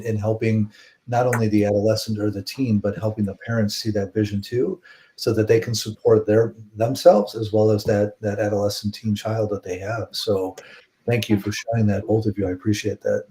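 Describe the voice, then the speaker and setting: Male webinar host, low mellow voice, flat delivery, on a video call. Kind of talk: moderating a webinar.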